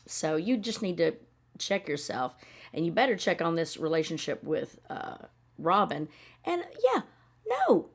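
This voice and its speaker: A woman commenting on a reality show in a blunt, sarcastic, swearing rant. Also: on the low side. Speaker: reaction video host.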